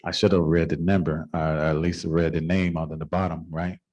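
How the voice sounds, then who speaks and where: A man's voice: rumbling low, flat delivery, moderate pace, darkish tone, highs cut off. A middle-aged man, a city council member, telling a folksy, informal story at a council meeting. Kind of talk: anecdotal storytelling at a public meeting.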